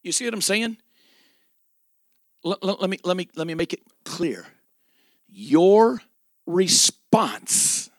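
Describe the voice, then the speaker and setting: A man preaching a sermon with emphatic delivery, dramatic pauses and repeated phrases. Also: sits high, very animated, no echo, studio quality.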